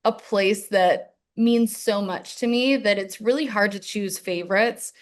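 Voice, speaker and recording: A woman's voice: mid-range voice, a little slow. Chatty young woman, full of fillers. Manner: rambling, many "like" fillers. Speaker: musician guest. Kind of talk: casual interview chat.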